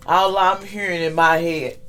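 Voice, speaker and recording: Woman reading tarot for her channel: loose, chatty, easy laughter, a bit low in pitch. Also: steady tone, unhurried, a bit bright. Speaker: tarot reader. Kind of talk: casual weekly reading vlog.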